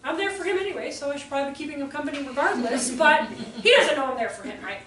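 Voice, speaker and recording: Her voice is high and a bit bright, with lively intonation and a quick pace. Presenting to a room of teachers at a live workshop, she chats through stories and acts out quotes in character voices, captured by a far-off mic in an echoey space with faint ambience.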